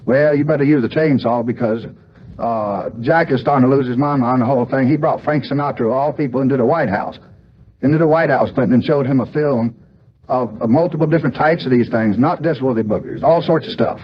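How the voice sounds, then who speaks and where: Brief: a man as an agitated, folksy statesman, mid-pitched, slightly muffled recording. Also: fairly quick, lightly acted. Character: blustering older male politician.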